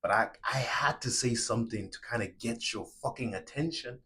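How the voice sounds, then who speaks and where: A man delivering an impassioned solo rant, angry and profane, swinging between shouting and quiet, remorseful murmuring. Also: medium pitch, moderate pace. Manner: angry, profane, repetitive and confrontational.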